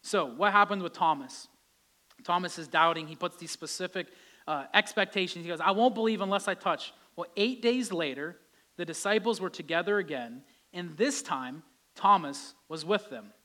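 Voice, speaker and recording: High-voiced male pastor preaching. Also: moderate pace, bright, forceful tone. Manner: conversational preaching, voice rising with emphasis. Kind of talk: sermon.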